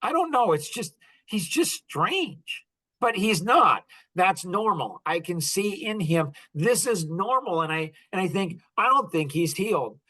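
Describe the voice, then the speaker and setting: A man's voice: sits high, unhurried. Rambling man venting on a podcast. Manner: rambling, animated, acts out quoted conversations. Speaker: podcast host. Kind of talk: casual monologue.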